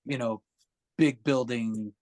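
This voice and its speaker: Animated man telling stories, swearing freely. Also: mid-range voice, slow. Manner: animated, swears freely, acts out voices of others. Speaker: musician guest. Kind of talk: casual podcast storytelling.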